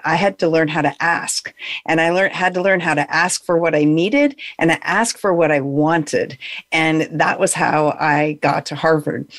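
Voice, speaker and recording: A woman's voice: fairly low pitch, no echo. A woman speaking as a guest over a video call, earnest and reflective as she explains her work. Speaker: guest, negotiation consultant. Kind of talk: casual chat.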